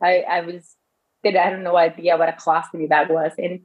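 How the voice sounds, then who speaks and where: A woman's voice: lowish voice, little pitch movement, fairly quick, phone-quality sound. A woman in her thirties telling her own medical story in casual talk, often restarting and quoting doctors in her own voice. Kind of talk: personal storytelling.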